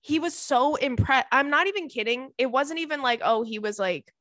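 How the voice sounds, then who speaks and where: A young adult woman hosting a podcast, telling stories in a casual, animated way, laughing often and acting out what her friends said. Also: sits high, normal speed, no echo, clean studio sound. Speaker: podcast host. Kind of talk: casual storytelling chat.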